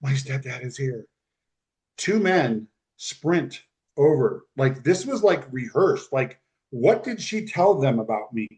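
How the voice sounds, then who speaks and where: A man's voice: a little high, takes it slowly. A man telling a personal story on a podcast, acting out the voices of the people in it. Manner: animated storyteller who acts out quoted speech. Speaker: podcast guest. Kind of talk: storytelling in casual conversation.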